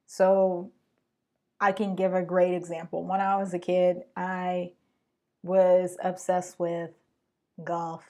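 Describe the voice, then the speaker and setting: A woman hosts her own podcast, talking right to her listeners. Her voice sits a little low with a gravelly edge, and she talks in a lively, slangy way. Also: slow pace, long pauses. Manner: animated, slangy, speaks straight to listeners. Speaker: podcast host. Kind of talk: solo podcast talk.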